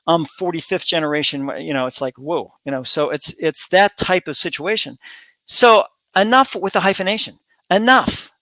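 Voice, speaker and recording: A man's voice: high voice, moderate pace, pushed and bright, no echo. A middle-aged man hosting a commentary channel, delivering a rambling opinion monologue full of fillers, restarts and repetition.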